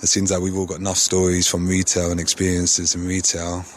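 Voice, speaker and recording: A man's voice: sits low, monotone, brisk, slight background noise. Slangy man telling a story. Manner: slangy, swears freely. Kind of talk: casual anecdote.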